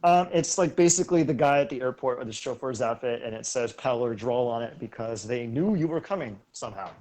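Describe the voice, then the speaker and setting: A man running a tabletop game as game master, narrating casually with lots of ums and quick laughs. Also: mid-range voice, animated, a little mellow. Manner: casual, easily laughing, with many fillers.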